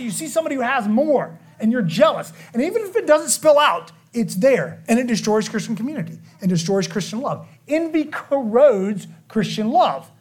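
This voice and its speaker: A male pastor with an extremely high, husky voice delivers a conversational expository sermon. He frequently checks in with the congregation by asking "okay?".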